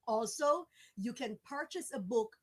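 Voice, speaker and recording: Woman, middle-aged, fairly high voice, unhurried, pleading, repetitive fundraising appeal. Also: expressive, breathy edge. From Jamaica. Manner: pleading and repetitive, with church-style exhortation. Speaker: fundraising campaigner.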